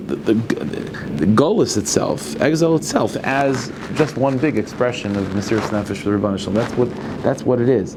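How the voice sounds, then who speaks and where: A male rabbi giving a Torah lecture. He talks in halting bursts, restarting and repeating words as he thinks aloud. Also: lowish voice, darkish tone, a little hiss or hum.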